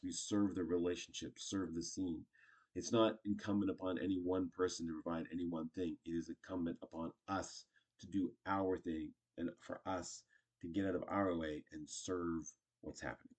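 Low husky man teaching improv. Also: steady tone, moderate pace, a little mellow. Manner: chatty, acts out short example lines. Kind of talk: casual instructional talk.

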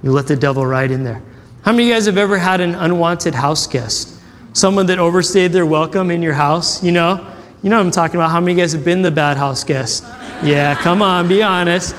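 A man's voice: a little high, brisk. A man preaching a sermon as a pastor, telling a story with acted-out quotes and questions to the crowd. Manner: animated storytelling, acts out quotes, asks audience questions. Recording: long hall reverb.

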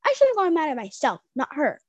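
A woman's voice: sits high, huge pitch swings, fast talker, no echo, highs cut off. A young woman co-hosting a casual chat, telling school stories with many fillers and restarts. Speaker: podcast co-host.

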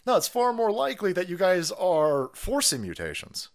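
Male streamer, profane and mocking, animated delivery with a somewhat high voice. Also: moderate pace. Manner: swearing, heated, mocking. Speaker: stream host. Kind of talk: profane ranting commentary.

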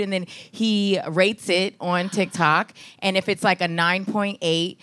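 A woman's voice: lowish voice, steady tone, normal speed, hardly any pauses, fairly bright tone, smooth, no room sound. A woman comedian as a guest, telling a story with wry, joking asides. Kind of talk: casual chat. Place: live show on stage.

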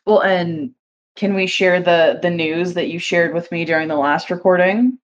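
A woman's voice: fairly low pitch, fairly even intonation, moderate pace, highs cut off, crowd noise. A woman co-hosting a casual podcast, telling playful stories and laughing often. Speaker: podcast co-host.

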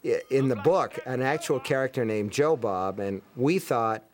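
A man's voice: medium pitch, normal speed. A man, the author of the book, reflecting in a film commentary with many hesitations.

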